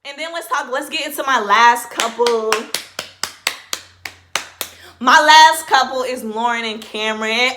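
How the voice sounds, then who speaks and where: A woman's voice: high voice, takes it slowly, pauses often, background noise. A woman vlogger giving a casual reaction commentary. She talks in a rambling, chatty way, says "like" in almost every phrase and often restarts her sentences.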